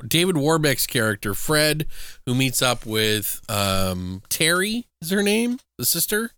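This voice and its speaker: A man's voice: medium pitch, big pitch swings, measured pace, sharp tone, clean tone, no echo. A man co-hosting a podcast, casually and profanely recapping movie plots and reading out trivia. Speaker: podcast co-host reviewing movies. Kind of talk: casual chat.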